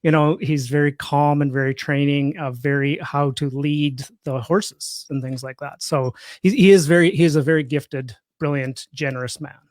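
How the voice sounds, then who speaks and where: A man's voice: on the high side, steady tone, normal speed, few pauses, dry recording, studio quality. A man in his fifties with a Canadian accent, a guest in an interview who talks in a chatty, joking, self-deprecating way. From Saskatchewan, Canada. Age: 50s. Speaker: guest, real estate investor. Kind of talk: casual interview talk.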